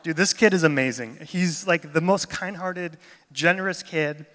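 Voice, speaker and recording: A man's voice: a little high, normal speed, a bit bright. A man speaking as a pastor in a church gathering, chatty and enthusiastic in his storytelling, a little jet lagged. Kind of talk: casual sermon talk. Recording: long reverb of a large hall.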